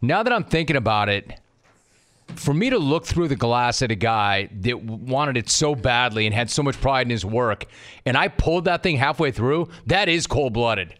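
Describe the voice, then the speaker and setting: A man hosting a sports talk radio show, riffing in an animated way and mock-scolding his producer. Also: medium pitch, normal speed.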